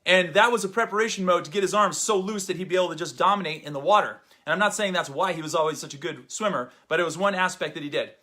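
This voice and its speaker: A man hosting a fitness show, leading an exercise demo and then chatting in an energetic, jokey, rambling way, a little out of breath. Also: high-pitched, fast, hardly any pauses. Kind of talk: exercise demo and casual podcast chat.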